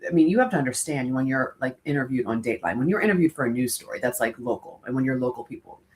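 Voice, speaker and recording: A woman co-hosting a chat show, a loud, animated storyteller who says her voice carries. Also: a bass voice, quick pace. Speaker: podcast co-host. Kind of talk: casual chat.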